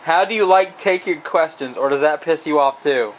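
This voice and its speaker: A man's voice: on the high side, normal speed, rough recording. A man off camera who casually asks teasing questions. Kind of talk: casual chat.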